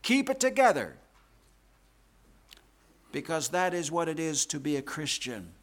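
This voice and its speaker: A man preaching a sermon in a fairly high, very animated voice. He speaks slowly and deliberately, repeating phrases for emphasis. His voice rises and falls widely from loud to hushed. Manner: emphatic, repetitive preaching with big swings in pitch and loudness. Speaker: pastor.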